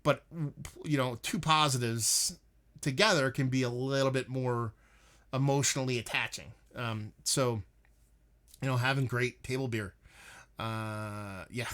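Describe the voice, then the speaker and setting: A young man chatting loosely on his beer livestream, his voice sitting in an ordinary middle pitch. He rambles and swears freely, stopping now and then to read out and answer viewer comments. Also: a little slow, fairly bright tone. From northeastern United States. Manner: profane, rambling, reads out chat comments. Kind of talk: casual livestream chat.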